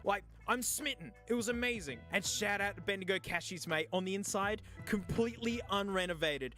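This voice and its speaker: A young South Australian man vlogging casually, joking and breaking into shouts as he browses a second-hand shop. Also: fairly quick, faint music behind. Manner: animated, jokey, bursts into high shouting. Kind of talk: casual comedic thrift-shop vlog.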